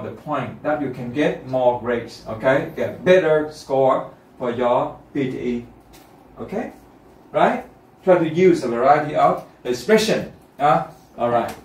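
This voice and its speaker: A man's voice: mid-range voice, darkish tone. A man teaching a language-test class, checking in often with his students and repeating key points. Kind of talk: classroom lesson. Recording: roomy classroom, mic far off.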